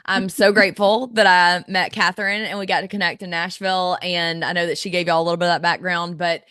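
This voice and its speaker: A woman in her thirties from Alabama with a Southern accent, chatting as a podcast guest and telling lively stories. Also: on the low side, fast talker, clear, resonant tone, no echo, studio quality. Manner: chatty storyteller, laughs often, acts out voices in her stories. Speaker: guest, health blogger. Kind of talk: casual interview chat.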